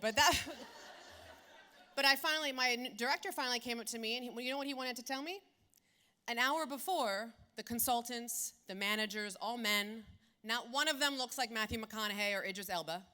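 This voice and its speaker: Woman, 40s, keynote storyteller, bright forceful tone, punchy and profane. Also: a little high, normal speed. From South Philadelphia. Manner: animated, blunt and profane. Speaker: keynote speaker.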